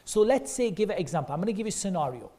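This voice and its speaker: A man with a high, dark-toned voice talks at a racing pace and with great animation as he teaches a class of children. He asks them questions, praises their answers and repeats them back in this interactive lesson for kids.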